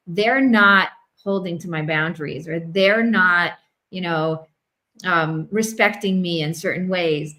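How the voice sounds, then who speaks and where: A woman's voice: lowish voice, fairly even intonation, measured pace, pushed and bright, low-quality recording. A woman host and marriage coach on a video call, talking enthusiastically with frequent restarts and asides. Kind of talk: conversational discussion.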